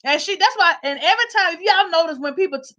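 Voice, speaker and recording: A woman riffing straight to her viewers in a high voice. Her tone is bright and forceful. The commentary is loose and profane, and she breaks into laughs often. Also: lively intonation, fast, lo-fi sound. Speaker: vlogger. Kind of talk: casual comedic commentary.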